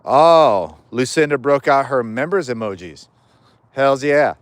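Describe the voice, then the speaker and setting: A man's voice: mid-range voice, lively intonation, measured pace, no room sound. A man chatting casually on a livestream as he walks home outdoors, rambling, cracking jokes and swearing freely, recorded on a chest-mounted camera. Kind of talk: casual live chat. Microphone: chest-mounted POV camera.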